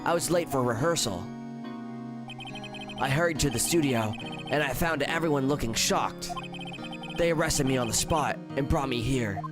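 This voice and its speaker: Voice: mid-range voice, normal speed, long pauses, music in the background, lightly acted. A streamer voicing a tired male actor recounting his day during a voice-acted game playthrough. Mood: plain. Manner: plain, recounting testimony. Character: weary adult male actor, action hero.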